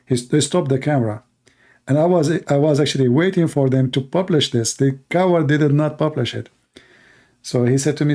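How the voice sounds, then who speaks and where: A man's voice: medium pitch, a little fast, dark tone. A man from the Middle East with a Middle Eastern accent, mocking in blunt broken English on a livestream. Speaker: host. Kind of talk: livestream commentary.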